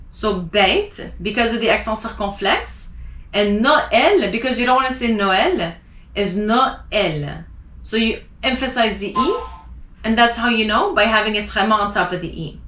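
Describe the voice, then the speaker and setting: A woman teaching a language class who spells out letters and repeats example words slowly and deliberately. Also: on the high side, fairly bright tone. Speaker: French teacher. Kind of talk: slow pronunciation lesson. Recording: echoey room.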